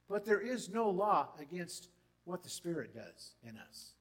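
A man's voice: very animated, a little slow, a bit bright. A man preaching a sermon as pastor, conversational with asides and rhetorical questions, his voice rising for emphasis. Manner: lists in a lowering voice, rises for emphasis.

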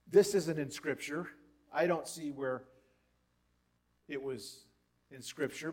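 A man preaching a sermon as pastor, conversational with asides and rhetorical questions, his voice rising for emphasis. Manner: lists in a lowering voice, rises for emphasis.

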